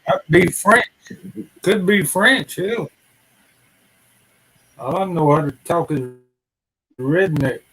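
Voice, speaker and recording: A man's voice: a little high, lively intonation, slow, pauses often, fairly bright tone, poor audio. A man hosting a livestream, chatting and joking in a folksy way. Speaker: livestream host. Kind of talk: casual chat.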